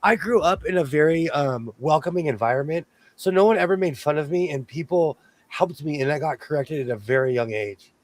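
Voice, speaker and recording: A man's voice: fairly high pitch, lively intonation, brisk, low-quality recording. A man hosting a casual chat, talking in an easygoing way with lots of restarts and self-corrections. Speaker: host.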